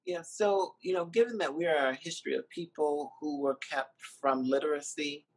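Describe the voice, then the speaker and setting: A man, a filmmaker and dean, speaking on a video call in a reflective, emotional way with frequent pauses and soft laughs. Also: fairly high pitch, creaky, poor audio. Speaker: documentary filmmaker and university dean. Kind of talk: virtual interview conversation.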